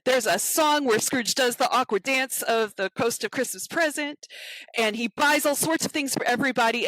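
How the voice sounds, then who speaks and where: Animated woman retelling a story, dry sound. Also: on the high side, no room sound. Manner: animated storyteller who acts out quotes. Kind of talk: casual podcast chat retelling a film.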